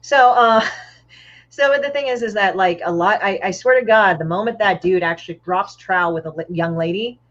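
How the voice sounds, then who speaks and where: A woman's voice: medium pitch, normal speed, muffled recording. A woman guest telling stories in casual chat, blunt and profane, over a video call. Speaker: guest comic artist.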